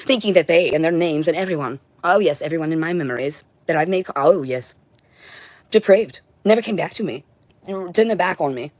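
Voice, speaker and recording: Woman on a solo stream, lowish voice, dry close sound, intense and sweary, choppy short phrases. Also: darkish tone, no echo. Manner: intense, profane, talks in short broken phrases. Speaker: livestreamer. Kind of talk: rambling solo livestream monologue.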